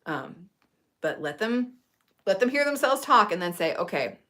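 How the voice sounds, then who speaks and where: A woman's voice: mid-range voice, very animated, measured pace, a bit bright. A woman herbalist giving casual advice in a chatty, earnest way, with frequent fillers and restarts. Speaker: herbalist host.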